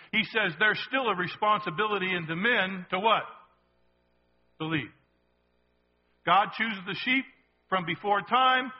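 A man's voice: high-pitched, lo-fi sound. Emphatic male preacher in a reverberant hall. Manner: emphatic, repetitive, asks the congregation questions. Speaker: pastor. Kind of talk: sermon.

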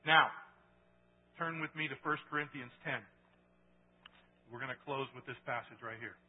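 A man preaching a sermon as pastor, animated and rising loud when he reads scripture. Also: mid-range voice, moderate pace. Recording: phone-like sound, long hall reverb.

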